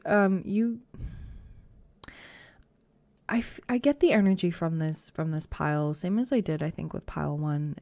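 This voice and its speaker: Low warm-voiced woman doing a chill tarot reading, lots of ums and likes, kinda rough voice today. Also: dry recording. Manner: chatty and reassuring, many fillers. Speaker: tarot reader. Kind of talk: casual pick-a-card tarot reading.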